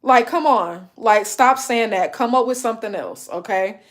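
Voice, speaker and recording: A woman's voice: a little high, normal speed. A woman in her late thirties talking straight to her live-stream audience, blunt and emphatic, stacking up repeated lists to drive home her point. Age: 30s. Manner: blunt, emphatic, repetitive listing. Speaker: livestreamer. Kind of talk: casual live-stream rant.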